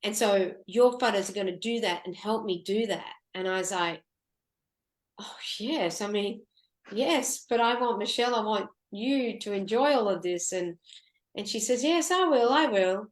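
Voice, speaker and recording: A woman recounts a moving story as a radio show guest, her speech halting and full of restarts as emotion takes over. Her voice sits at a middle pitch and carries a roomy echo. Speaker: guest, photographer.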